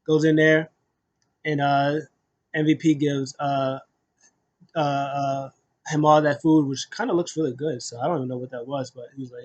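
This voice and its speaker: A man runs through a wrestling recap in a casual, unscripted way. He rambles, stumbles over his words, and slips into the voices of the people he quotes. His voice sits a little higher than most men's. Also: fairly even intonation, normal speed, long pauses, lo-fi sound. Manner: rambling, many fillers and restarts, acts out quotes. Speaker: wrestling show recap host.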